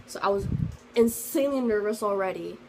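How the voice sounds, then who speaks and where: With a mid-range, gravelly voice and a slightly fast pace, a teen girl vlogger rambles through a casual story full of fillers and restarts. Her storytelling is earnest and sensitive, and there's background noise behind her.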